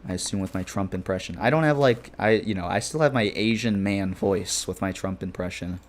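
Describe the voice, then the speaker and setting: During a casual live stream, a man plays a game and banters with his audience, meandering playfully and leaning on lots of filler. He speaks fairly quickly in a low-pitched voice, with slight background noise.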